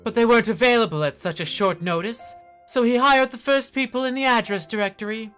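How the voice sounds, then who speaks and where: A woman's voice: on the high side, a little fast, a bit bright, clean tone, faint music behind, pitched above the performer's own voice, natural voice. Woman voicing a sweet naive noble girl. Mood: chatty.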